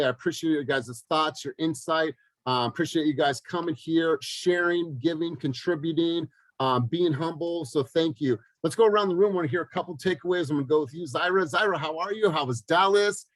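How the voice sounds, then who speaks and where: A man's voice: on the high side, a little fast, no echo, rough recording. Man, coaching group leader on a video call, upbeat and encouraging, dry close sound. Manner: upbeat, encouraging, with frequent ums and uhs. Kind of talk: group coaching session chat.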